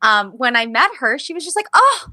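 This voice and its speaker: A woman's voice: on the high side, brisk, no echo. A young woman, a musical theater actress, telling stories in a casual interview and acting out the voices she quotes, with many "like" fillers. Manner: animated storyteller who acts out quoted voices, many "like" fillers.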